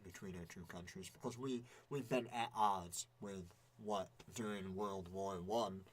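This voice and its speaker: Man, low voice, casual podcast chat, rambling, restarts. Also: steady tone, a little slow. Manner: rambling, many restarts and fillers. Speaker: podcast co-host. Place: indoor podcast recording.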